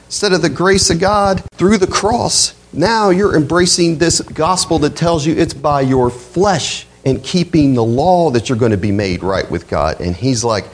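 A male pastor preaching a sermon, with a slightly husky voice, quoting scripture and swinging his voice up high for emphasis. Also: moderate pace, few pauses, low-quality recording. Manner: expressive preaching, voice climbing high on quoted outbursts.

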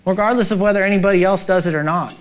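A man's voice: sits high, very fast. A male pastor preaching a sermon, urgent and emphatic, asking the congregation rhetorical questions.

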